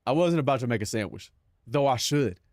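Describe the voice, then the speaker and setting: A man's voice: mid-range voice, animated, fairly quick, a little mellow, no room sound, clean studio sound. A young man streaming live, chatting casually, joking and swearing, often laughing at his own bits.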